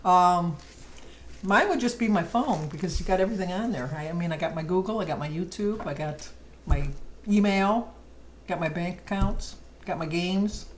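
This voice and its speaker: A woman's voice: fairly low pitch, normal speed, a little hiss or hum, low-quality recording. A middle-aged woman vlogger chatting casually and rambling fondly through a list of questions. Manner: chatty, rambling, fond storytelling. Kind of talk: casual chat.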